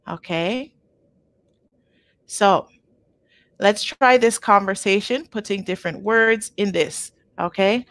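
A woman teaching a live online language lesson, patient and clear, modelling each word twice and checking in with "okay?". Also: mid-range voice, animated, slow pace, a bit bright, no room sound. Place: home.

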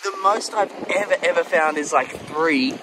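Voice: medium pitch, normal speed. Thrilled vlogger on a windy beach. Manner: exclaims often, thrilled and disbelieving. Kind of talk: excited shelling vlog. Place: beach at low tide, outdoors. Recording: wind noise on an outdoor mic. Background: wind and open-air ambience.

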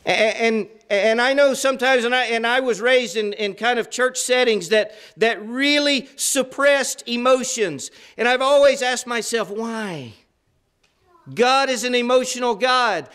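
Man, preacher, middle-aged, sermon, very high pitch, clear resonant tone, conversational and emphatic. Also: unhurried, fairly bright tone. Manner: earnest, conversational, with emphatic repetition.

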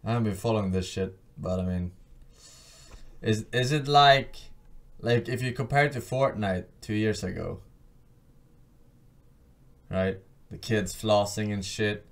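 A man's voice: on the low side, unhurried, long pauses. A man streaming and commenting casually, offhand and drawling, with frequent swearing.

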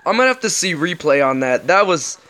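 A man doing let's play commentary, excitable and joking, swearing often. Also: fairly high pitch, brisk. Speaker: gaming commentator.

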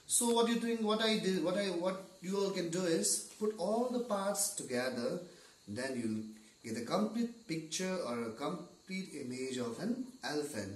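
A man's voice: a little high, lively intonation, unhurried. A male teacher retelling a story in an online class lesson, often hesitating and repeating words while he searches for them. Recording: roomy, distant mic.

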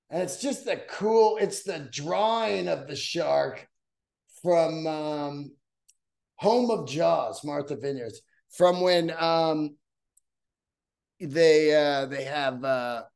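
A middle-aged man talks alone into a podcast mic, unhurried and slightly high in pitch. He tells his story casually, swearing a lot and restarting his sentences as he gets worked up. It is loose, conversational monologue. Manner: profane, excitable storytelling with many restarts. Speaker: podcast host.

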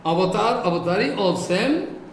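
A man's voice: high-pitched, animated, moderate pace. A man with an Indian English accent giving a devotional lecture, repeating his points emphatically and reciting Sanskrit verses. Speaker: spiritual teacher. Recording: echoey room, faint background noise.

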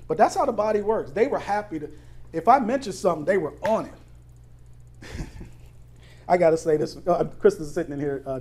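A man's voice: a little high, a little mellow. A man preaching a sermon to his congregation, asking the room questions and laughing through personal stories. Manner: conversational preaching with call-and-response questions and laughing anecdotes. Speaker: pastor. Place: church sanctuary.

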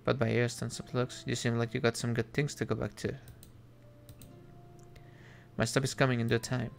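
A man voicing a crude male devil on a train, low and gravelly, talking slowly. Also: level tone, a little hiss or hum, lightly acted. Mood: drawling. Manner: slow, crude, drawling.

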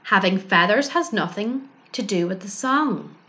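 A woman voicing a wise, patient female owl who explains things gently, in a children's storybook reading. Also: medium pitch, expressive, measured pace. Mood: correcting.

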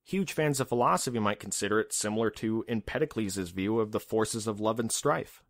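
A man's voice: on the low side, brisk, dry recording. Male podcast host reading his own script, conversational, with a wry edge, dry room.

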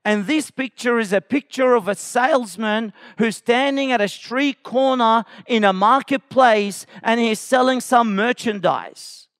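High-voiced man preaching with slow intensity. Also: clean tone, dry recording, studio quality. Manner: impassioned preaching, rising to shouts when voicing God's call. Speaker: pastor. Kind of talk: sermon.

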